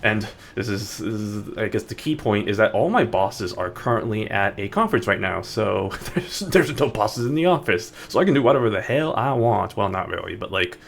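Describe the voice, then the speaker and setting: A man's voice: fairly low pitch, lively intonation, normal speed, vocal fry, few pauses, slight background noise. A man streaming a game, chatting casually in a rambling way with many restarts. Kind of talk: casual gaming stream chat. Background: faint background music.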